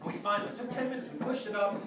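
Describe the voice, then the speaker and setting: A man's voice: sits high, steady tone, very fast. A man telling a comic story live, acting out the people he quotes in funny voices. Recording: distant mic, roomy echo, loud crowd. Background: audience laughter.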